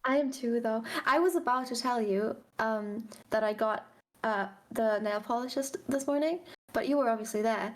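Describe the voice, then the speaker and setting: A woman's voice: on the high side, normal speed. A woman from Germany chatting casually on a livestream, giggling often as she tells stories. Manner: giggly, storytelling, reassuring. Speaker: co-streamer.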